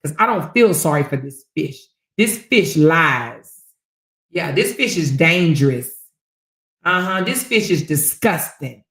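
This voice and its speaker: A woman's voice: deep voice, animated, slow, a bit bright. A woman hosting a gossip commentary livestream, talking in a brash, profane, mocking way. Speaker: livestream host. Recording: roomy echo.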